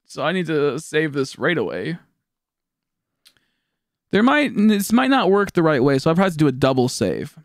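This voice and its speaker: A young man streaming a video game, chatting casually with viewers, excitable, profane and often laughing. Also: fairly high pitch, moderate pace, pauses often, no echo, studio quality. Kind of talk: casual gameplay stream commentary.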